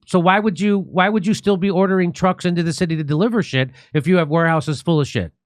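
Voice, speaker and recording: A man's voice: high voice, steady tone, fast, dry recording, studio quality. A man hosting a political talk show, reading news aloud and adding sarcastic jokes. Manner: sarcastic, joking asides. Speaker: show host.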